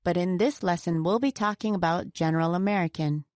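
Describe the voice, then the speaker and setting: A woman co-hosts a scripted pronunciation lesson, explaining each point clearly as the teacher. Her voice is lower than most women's, slightly mellow, and a little fast. The recording is dry and close, with no echo.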